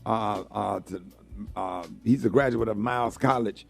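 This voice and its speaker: Man, gravelly, effusive morning radio host, faint music behind. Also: fairly low pitch. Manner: effusive shout-outs, halting with many uhs. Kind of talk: casual morning radio talk.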